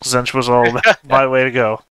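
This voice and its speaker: Male player, wordy and pedantic, bright clear voice, dry recording. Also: medium pitch, monotone, measured pace, dry recording. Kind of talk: casual chat.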